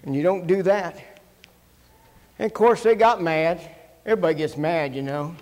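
A middle-aged male pastor preaching a sermon, telling folksy stories and acting out quotes in sudden loud shouts. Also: a little high, fairly even intonation, moderate pace, pauses often, a little hiss or hum. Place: church sanctuary. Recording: long hall reverb.

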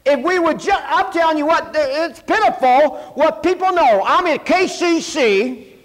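A man preaching a sermon and telling animated, self-mocking personal stories. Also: very high-pitched, unhurried. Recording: long hall reverb.

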